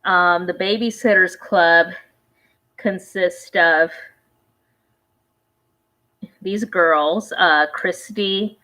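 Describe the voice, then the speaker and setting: Rambling, chatty woman vlogger, low voice. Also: fairly even intonation, slow, bright, forceful tone, rough recording. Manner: rambling, conversational, often trails off and restarts. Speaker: reaction vlogger. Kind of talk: casual reaction commentary.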